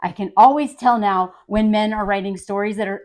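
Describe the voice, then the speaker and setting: A woman giving casual, sarcastic film commentary in a blunt, animated way. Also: mid-range voice, fairly quick.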